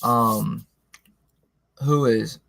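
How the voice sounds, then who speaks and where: Gravelly man chatting on a live stream. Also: mid-range voice, fairly even intonation, drawn-out words, fairly bright tone, slight background noise. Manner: slangy, rambling, talks to chat viewers by name. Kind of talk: casual live stream chat.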